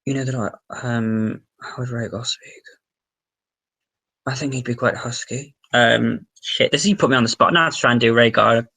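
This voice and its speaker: A young man with an English accent, hosting a casual livestream and chatting excitably as he answers viewer comments, swearing now and then. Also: medium pitch, moderate pace, creaky. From England. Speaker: livestream host.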